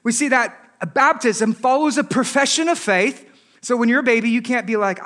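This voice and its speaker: A married man preaching a sermon as pastor, animated, with joking asides and rhetorical questions. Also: very high voice, normal speed. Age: adult, married.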